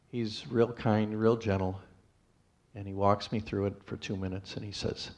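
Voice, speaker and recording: A man telling his personal testimony to a church congregation, in a plainspoken storytelling way with pauses and restarts. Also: fairly low pitch, little pitch movement, a little mellow.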